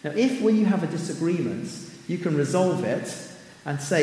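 A man preaching a sermon in a relaxed, chatty way, breaking into scripture quotations and little asides. His voice sits a touch higher than most men's. It rings out through a large echoing hall with a long reverb tail. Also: normal speed, vocal fry, slight background noise. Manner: conversational, with fillers and asides, quoting scripture. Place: church hall.

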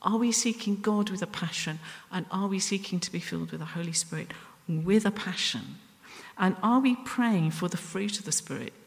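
A woman's voice: mid-range voice, expressive, vocal fry. Woman preaching in a reverberant hall. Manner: earnest, self-deprecating, pauses and restarts. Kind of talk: sermon.

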